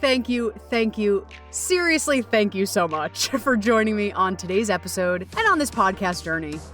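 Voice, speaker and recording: A woman hosting her own podcast in a casual solo talk, gushing and animated, acting out little inner voices and swearing casually. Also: medium pitch, normal speed, faint music behind. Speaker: podcast host.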